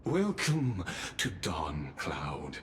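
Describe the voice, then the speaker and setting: A theatrical, deep-voiced courtly greeter. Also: male voice, huge pitch swings, a bit bright, slight background noise, full character voice. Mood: ceremonious. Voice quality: deep, ornate, drawn-out delivery. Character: courtly, theatrical male palace greeter, adult. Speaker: game character greeting visitors. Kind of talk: video game voice acting.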